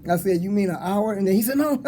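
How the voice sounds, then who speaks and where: A man's voice: high-pitched, expressive, fast talker, noisy background. A man around sixty giving a casual, rambling motivational talk to students, acting out conversations and chuckling as he encourages them. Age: 60s. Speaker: motivational speaker. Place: school hall with an audience.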